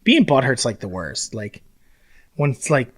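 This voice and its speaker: Animated young man ranting about sports. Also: medium pitch, measured pace. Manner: animated, swearing, mocking impressions. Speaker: podcast co-host. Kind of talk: casual sports chat.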